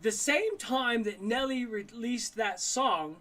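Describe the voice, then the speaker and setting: A very high-pitched, pushed and bright male voice with lively intonation moves at a slow pace as a Denver, Colorado man hosts a live stream. On the video call he chats in slang, repeatedly restarting and repeating words.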